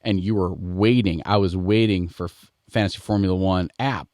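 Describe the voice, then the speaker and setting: An American man hosting a podcast, chatting in a relaxed, conversational way that tends to wander. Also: sits low, normal speed, no echo, clean studio sound. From United States. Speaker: podcast host. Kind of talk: casual podcast chat.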